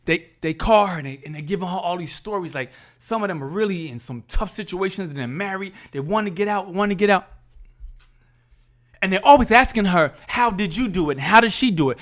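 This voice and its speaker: High-voiced man preaching to y'all. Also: a bit bright. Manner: preachy, emphatic, addresses viewers as y'all. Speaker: podcast host. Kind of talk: candid faith talk to viewers.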